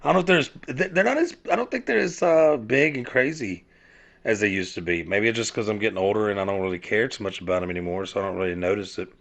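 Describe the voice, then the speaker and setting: Talking fast in a gravelly, low-leaning voice with a touch of brightness, a man from South Georgia runs a laid-back podcast monologue. He rambles, cusses, and keeps restarting amid plenty of fillers.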